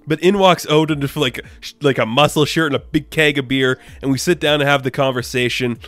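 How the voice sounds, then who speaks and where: Eager comic reviewer, male, mid-pitched voice, dry close sound, faint music underneath. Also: a little fast, a bit bright, no room sound. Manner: enthusiastic, rambling, frequent "like" fillers. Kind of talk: casual review chat.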